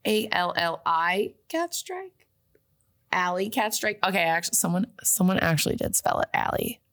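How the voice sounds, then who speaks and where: A young woman co-hosting a casual chat show, reading out a list slowly and laughing often. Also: lowish voice, sing-song, fairly bright tone. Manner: giggly, reads a list slowly with frequent laughs. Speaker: podcast co-host. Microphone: webcam with whiteboard behind.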